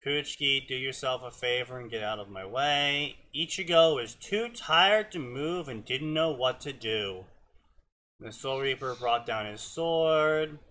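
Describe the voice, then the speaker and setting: Brief: young male co-host, bright voice, reads fanfic deadpan with sarcastic asides. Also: mid-range voice, unhurried. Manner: reads flatly, slips and stumbles on names. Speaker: co-host reading fanfiction aloud. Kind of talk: casual reading with mocking commentary.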